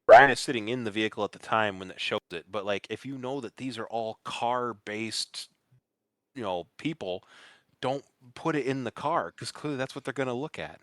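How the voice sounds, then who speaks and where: A man's voice: medium pitch, moderate pace, fairly bright tone, no echo. A man co-hosting a casual podcast chat, rambling as he reasons things out aloud, his voice coming through a bad mic that makes it sound robotic. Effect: robotic distorted voice from a bad mic. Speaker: podcast co-host.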